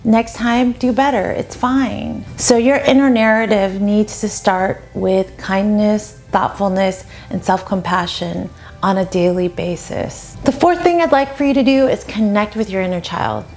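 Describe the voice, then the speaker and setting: A woman dating coach giving advice straight to the viewer in a gentle, encouraging way. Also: mid-range voice, normal speed, faint music behind. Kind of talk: advice talk to camera.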